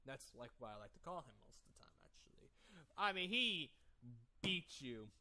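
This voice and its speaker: A man's voice: a little high, sing-song, moderate pace, bright, forceful tone, slight background noise. A man doing a gleeful voice-over about sports, gloating and sarcastic. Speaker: YouTube commentator.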